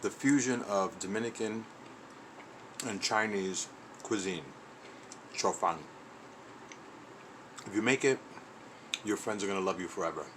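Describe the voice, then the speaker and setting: A man's voice: fairly low pitch, unhurried, pauses often, background noise. A man hosting his own cooking vlog, chatty and enthusiastic, talking while he eats in his home kitchen. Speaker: cooking channel host.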